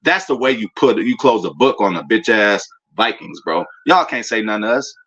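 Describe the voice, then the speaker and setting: A man rants loosely and profanely about his team, his voice bright and pushing forward. He rambles, restarts and swears as he gloats. The sound is a bit muffled and lo-fi. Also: on the low side, fairly quick. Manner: animated, profane, rambling fan banter. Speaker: sports fan commentator. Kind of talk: casual fan rant.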